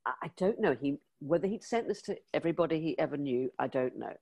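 Low-voiced older woman telling lively anecdotes. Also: fast, creaky, breathy edge. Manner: lively anecdotal storyteller, acts out quoted dialogue. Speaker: former magazine editor, interview guest. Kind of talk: storytelling interview.

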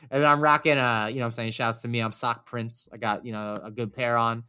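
A young man spinning a story in loose, profane conversation. He's animated and jumps into other people's voices as he tells it, with a voice of middling pitch. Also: brisk, clean tone. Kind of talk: casual storytelling chat.

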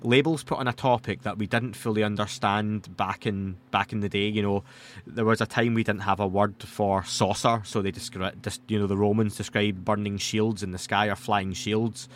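A man's voice: lowish voice, fairly even intonation, moderate pace, slight background noise. A man, hosting a podcast and answering listener questions in a casual, rambling way with self-deprecating asides.

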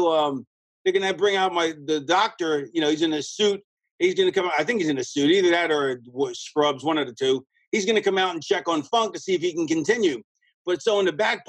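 A man telling a backstage story as an interview guest, rambling and animated, with a husky voice. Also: fairly high pitch, no echo, low-quality recording. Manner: rambling, animated, lots of restarts and quoted dialogue. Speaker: guest, former pro wrestler.

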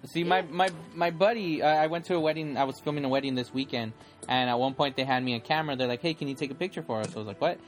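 A man co-hosting a podcast, chatting casually with quick interjections. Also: mid-range voice, soft background music. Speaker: podcast co-host. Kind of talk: casual chat.

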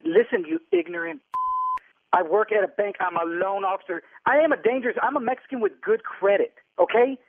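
A man on a prank call, indignantly shouting insults at the caller. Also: sits high, sing-song, a little fast, vocal fry. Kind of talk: angry phone argument. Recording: tinny phone line.

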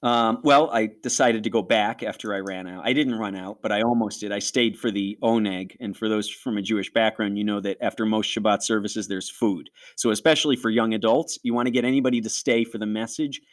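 A man's voice: fairly low pitch, steady tone, brisk, few pauses. A man in his forties from Western New York, hosting and telling his personal faith story in an interview, earnest and reflective, often acting out his own past thoughts.

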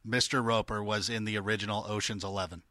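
Man, sports podcast co-host, bright tone, dry sound, chatty. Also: on the low side, fairly even intonation, fast talker, no echo. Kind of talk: casual sports podcast banter.

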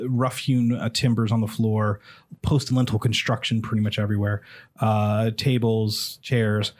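A man narrating as game master of a tabletop game, halting and filling pauses with "uh". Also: on the low side. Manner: halting, lots of fillers.

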